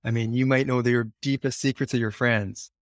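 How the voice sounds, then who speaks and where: A man speaking as a guest author on a podcast, earnest and conversational, often repeating himself for emphasis. His voice sits at an ordinary middle pitch. The sound is dry and close-miked. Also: fairly even intonation, normal speed, dry recording.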